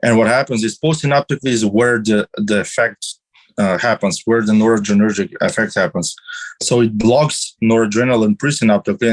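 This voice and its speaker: On a podcast with poor audio, a male guest with a fairly low-pitched voice holds forth on drugs in a casual chat. His long explanations are full of fillers and restarts.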